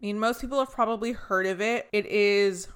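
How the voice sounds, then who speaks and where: Young woman podcast cohost, english not her first language, giggly, swears a lot, mid pitch. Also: a little fast, clean tone. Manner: giggly, self-deprecating, swears casually. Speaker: podcast co-host. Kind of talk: casual chat.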